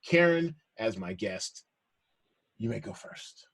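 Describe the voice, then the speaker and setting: A man hosting a podcast, chatting casually and animatedly about movies, laughing often with quick asides. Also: fairly low pitch, big pitch swings, husky. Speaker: podcast host. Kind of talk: casual chat.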